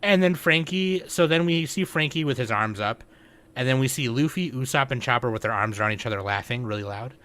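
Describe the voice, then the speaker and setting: A man with a medium-pitched, brisk, slightly bright voice co-hosts a casual podcast. He retells scenes loosely, swearing a lot and acting out the characters' lines.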